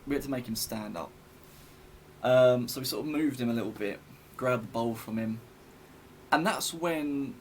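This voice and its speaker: A man's voice: medium pitch, a little hiss or hum. A young man telling a story in a casual vlog, rambling and chatty with many fillers and restarts.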